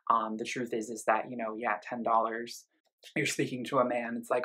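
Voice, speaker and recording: A man's voice: medium pitch, little pitch movement, moderate pace, pushed and bright, poor audio. A man giving a casual spoken album review, explaining his ideas in loose bursts full of "um" and "you know" asides.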